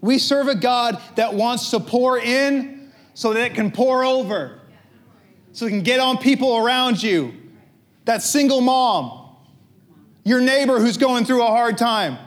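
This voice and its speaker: Guy pastor preaching, high voice, chatty, asks the crowd stuff and cracks jokes. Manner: conversational, joking preaching with rhetorical questions. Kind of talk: sermon.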